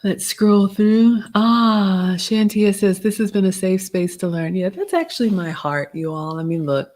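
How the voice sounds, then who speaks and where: A middle-aged woman, hosting a live Q&A, reading out chat comments and giving gentle advice in a casual tone. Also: medium pitch, animated, moderate pace. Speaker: livestream host answering chat questions.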